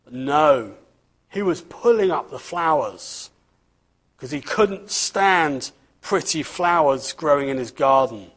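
A man giving a children's talk, reading a storybook aloud and turning to the listeners with questions. His voice is high for a man and slightly husky. He speaks at an unhurried pace. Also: expressive, a bit bright.

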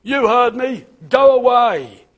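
A man voicing a grumpy, bad-tempered storybook character who snaps curt orders in a gruff voice. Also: sits high, big pitch swings, unhurried, sharp tone, heavily acted. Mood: snappish.

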